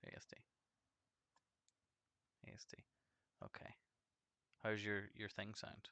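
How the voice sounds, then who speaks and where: A man chatting casually on a live game stream, rambling and swearing, his voice jumping from deep to screechy when excited. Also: slow, no echo.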